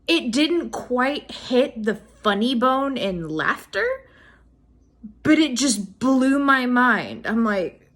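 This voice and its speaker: A young woman with a fairly high voice tells funny stories to her viewers. She talks in a loose, animated way. She swears freely and laughs along as she goes. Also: slow pace. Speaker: vlogger. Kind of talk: casual storytime.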